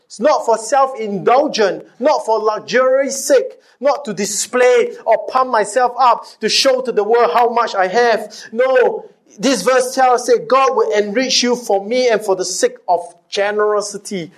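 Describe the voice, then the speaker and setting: High-voiced preaching man, rhetorical questions. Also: unhurried. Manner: rhetorical questions and call-and-response with the congregation; repeats key phrases for emphasis. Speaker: pastor. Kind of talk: sermon.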